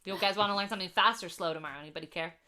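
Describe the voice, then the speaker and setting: A woman's voice: mid-range voice, racing, bright, forceful tone. A young woman teaching a music lesson over a video call, chatty and casual, counting beats and humming melodies. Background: cello playing.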